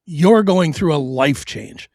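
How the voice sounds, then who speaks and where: A man's voice: a little high, expressive, takes it slowly, vocal fry, a little mellow, no echo, studio quality. A middle-aged man on his own show, telling a hard personal story bluntly and profanely, with stammered restarts.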